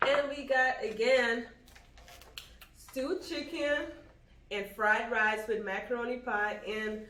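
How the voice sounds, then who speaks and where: A young woman from Guyana co-hosting a casual eating vlog, chatty and quick to laugh. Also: on the high side, steady tone, sharp tone, slight background noise. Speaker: vlog co-host. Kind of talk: casual mukbang chat. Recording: echoey room.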